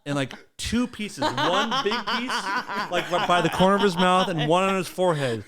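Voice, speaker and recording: A man's voice: high-pitched, brisk, few pauses, crowd noise. A young adult man hosting a podcast, telling a casual story with plenty of laughter and acted-out quotes. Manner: animated, laughs mid-story, acts out quotes. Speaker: podcast host.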